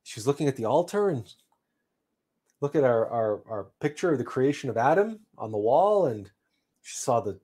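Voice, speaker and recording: A man hosting a livestream, telling a personal story in an unhurried, reflective way with frequent restarts. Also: mid-range voice, big pitch swings, warm tone, breathy edge. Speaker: livestream host.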